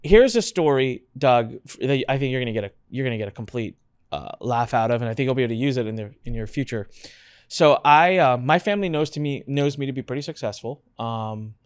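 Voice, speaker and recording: A man hosting a podcast interview, telling a personal story with animated voices for his family. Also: medium pitch, a little fast, clear, resonant tone, no echo. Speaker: podcast host.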